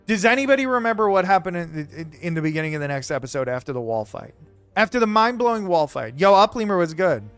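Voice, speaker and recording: A man streaming live, talking in a rambling, excitable, profane rant to his chat. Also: high voice, quick pace, soft background music. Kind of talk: casual chat while live streaming a game.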